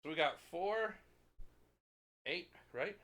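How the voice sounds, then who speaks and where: A man hosting a casual podcast quiz, lively and teasing, often laughing. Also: fairly high pitch, slow pace. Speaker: quiz host.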